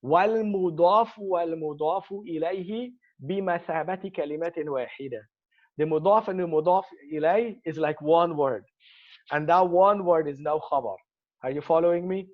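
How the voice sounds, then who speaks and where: A man teaching an online grammar lesson, spelling out terms slowly and calling on students by name. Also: a little high, highs cut off. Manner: slow, deliberate drilling of Arabic terms, calling on students.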